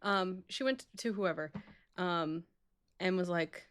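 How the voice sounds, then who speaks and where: Chatty woman co-hosting, quick to laugh. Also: on the low side, fairly bright tone, clear, resonant tone. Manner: chatty, laughs often, mock-stern with co-host. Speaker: co-host of a wrestling live stream. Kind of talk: casual chat.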